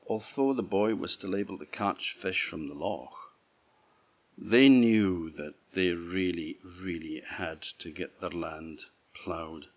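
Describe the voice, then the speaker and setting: Slow Orcadian storyteller man. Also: low-pitched. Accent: Orcadian Scottish. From Orkney, Scotland. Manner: unhurried, rhythmic, chained "and... and". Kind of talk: oral folk tale telling. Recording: dull lo-fi recording.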